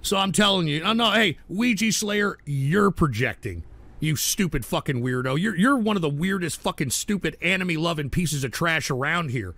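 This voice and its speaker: High gravelly man ranting hard. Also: animated, moderate pace, no room sound. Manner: aggressive, profane, shouting rant. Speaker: radio call-in show host. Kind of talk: live call-in radio rant.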